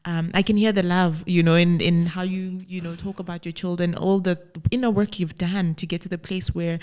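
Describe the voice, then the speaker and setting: A woman's voice: lowish voice, level tone, normal speed, a little mellow. A woman hosting a podcast, speaking in a reflective, affirming way with many filler phrases. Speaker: podcast host, life coach. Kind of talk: reflective conversational interview.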